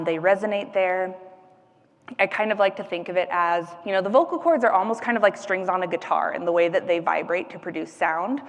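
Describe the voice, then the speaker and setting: A woman's voice: on the low side, long reverb tail. A woman speech-language pathologist giving an educational presentation, explaining patiently with frequent fillers and demonstrating sounds.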